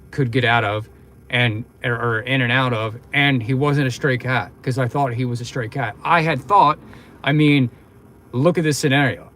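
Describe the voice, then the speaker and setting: A young man chats to his livestream viewers in a loose, meandering storytelling style. He often circles back, restarts his sentences and fills gaps with "like" and "you know". His voice sits at an ordinary middle pitch for a man. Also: a bit bright, slight background noise. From Philadelphia, United States. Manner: rambling, chatty, many fillers and restarts. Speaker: livestream host.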